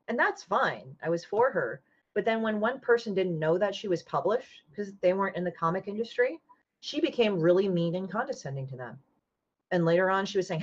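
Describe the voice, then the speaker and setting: A woman comic artist in casual podcast chat, talking bluntly and swearing freely as she retells a falling-out with lively energy. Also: on the low side. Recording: dull lo-fi audio.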